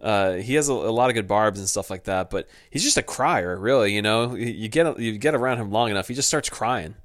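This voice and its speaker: A man's voice: lowish voice, fairly quick, no room sound, studio quality. A young man co-hosting a podcast, chatting casually and joking with frequent laughs. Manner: joking, laughs often, tries goofy voices. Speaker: podcast co-host. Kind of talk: casual chat.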